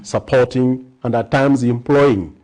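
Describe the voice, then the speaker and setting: Man in his 50s on a tv show, earnest, keeps listing things, stumbles a bit starting sentences, mid pitch. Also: slow, a little mellow. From Zambia. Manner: earnest, repetitive lists, stammering starts. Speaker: economist and TV guest. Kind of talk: interview answers.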